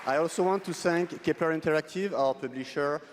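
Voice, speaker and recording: A man's voice: fairly high pitch, fairly quick, some chatter behind, slight background noise. A man on a big stage giving a grateful acceptance speech for a game studio, mixing thanks with light jokes. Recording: broadcast sound from a large hall.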